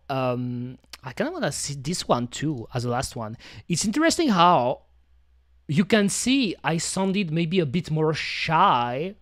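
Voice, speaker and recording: A woman's voice: low voice, no room sound. A woman streaming from home into a studio microphone, chatting casually with slightly non-native phrasing. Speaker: VTuber streamer. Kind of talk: casual chat.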